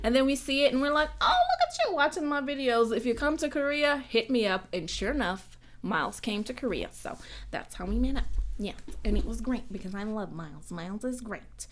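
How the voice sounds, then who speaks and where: Chatty American woman, high voice. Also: a little fast. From United States. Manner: chatty and animated, jumps from loud exclamations to whispered asides. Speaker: YouTuber hosting a live stream Q&A. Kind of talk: casual live-stream chat.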